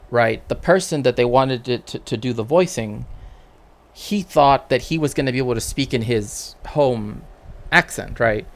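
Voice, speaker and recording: A man, a cultural historian, chatting casually on a live stream in a rambling way, often tagging his sentences with "right?". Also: medium pitch.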